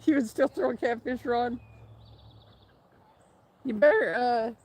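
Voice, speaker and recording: A woman's voice: fairly high pitch, measured pace, darkish tone. A woman hosting a fishing livestream outdoors by a stream, chatting casually, laughing often and reading out viewer names. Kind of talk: casual live-stream chat. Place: outdoors by a fast trout stream.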